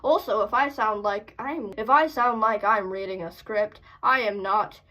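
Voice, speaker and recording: A woman's voice: mid-range voice, moderate pace, pushed and bright, rough recording. A woman hosting a casual reaction video, talking into a phone in a rambling, self-deprecating, sarcastic way. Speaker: host.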